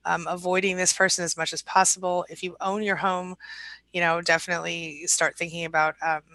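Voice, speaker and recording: A woman's voice: on the low side, flat delivery, a little fast, sharp tone, dry recording, low-quality recording. A woman coaching on a live stream, chatting casually as she reads viewer comments aloud, greets people by name and answers questions off the cuff. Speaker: relationship recovery coach hosting a live stream.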